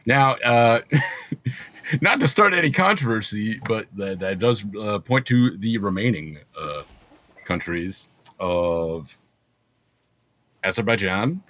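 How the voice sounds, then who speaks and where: A man co-hosting a casual podcast chat, laughing often and pausing with fillers. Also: on the low side, fairly bright tone, no room sound. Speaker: podcast co-host.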